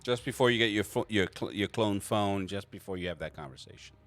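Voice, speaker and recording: A man narrating a tabletop game as game master, halting with frequent restarts. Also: fairly low pitch, fairly bright tone. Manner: halting, lots of restarts and fillers.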